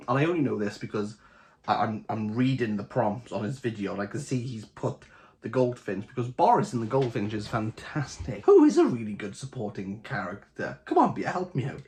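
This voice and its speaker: Animated Welsh Valleys man chatting books. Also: mid-range voice, normal speed. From Wales. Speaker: book channel host. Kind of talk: casual chat to camera.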